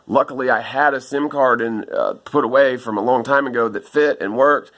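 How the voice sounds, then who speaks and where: A man with a drawl talks straight into his phone camera. His voice is bright and forceful. He rambles, upset, and scatters "man" and "dude" through his speech. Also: mid-range voice, normal speed. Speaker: vlogger asking viewers for help. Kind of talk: casual video monologue.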